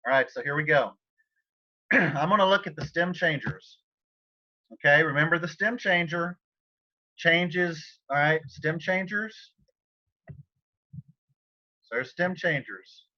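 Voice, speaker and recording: Over a dull, lo-fi video-call connection, a Spanish teacher with a fairly high, pushed and bright voice leads a casual online lesson. He takes it slowly, pausing often and breaking off to clear his throat.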